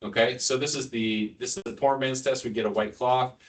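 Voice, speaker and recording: A man's voice: mid-range voice, fairly even intonation, fairly quick, distant mic. A man, a neurosurgeon, giving an informal teaching lecture to ICU staff, quizzing the room and joking as he goes. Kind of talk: casual teaching lecture with quiz questions.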